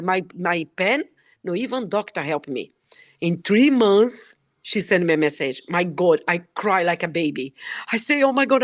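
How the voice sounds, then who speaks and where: A woman's voice: on the low side, no room sound. A woman speaking as a shares an emotional, earnest testimonial on an online call. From Belgium. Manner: emotional, earnest, broken English. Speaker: product presenter.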